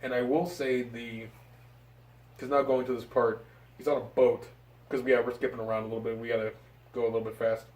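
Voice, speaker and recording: A man co-hosting a casual movie review, talking excitedly and rambling with fillers. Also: medium pitch, fairly quick, long pauses, distant mic. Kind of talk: casual chat. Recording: roomy, from off the mic.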